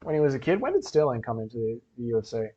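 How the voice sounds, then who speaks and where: A man's voice: medium pitch, sing-song, racing, mellow. Swearing man, lo-fi stream. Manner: loose, rambling, swears a lot. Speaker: livestream host. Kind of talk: casual livestream chat reading comments. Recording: dull lo-fi stream audio.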